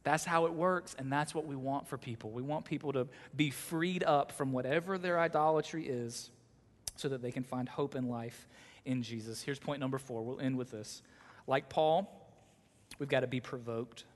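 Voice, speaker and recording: A male pastor preaching a sermon, swinging between loud, emphatic exhortation and soft, close delivery. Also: mid-range voice, moderate pace. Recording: long hall reverb.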